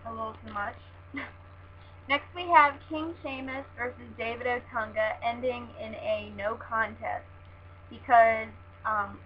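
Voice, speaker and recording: A young woman with a fairly high voice chats through her recap in a gushing rush, full of "like" and "oh my God". The recording is dull and lo-fi, with a faint hum underneath. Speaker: wrestling fan vlogger. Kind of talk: casual show recap.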